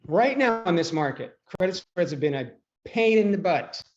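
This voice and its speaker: A man with a fairly high voice leads a live online trading coaching call. He talks in a chatty, loose way and often clears his throat. His voice comes through dull, lo-fi call audio. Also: lively intonation, normal speed.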